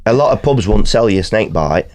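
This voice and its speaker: A middle-aged man with an East Midlands accent and a fairly low voice, chatting as a guest on a podcast. He tells anecdotes with plenty of laughter and puts on voices for the people in them. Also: lively intonation, brisk, darkish tone, faint music behind. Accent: East Midlands English. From England. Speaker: guest musician. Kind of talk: casual podcast chat.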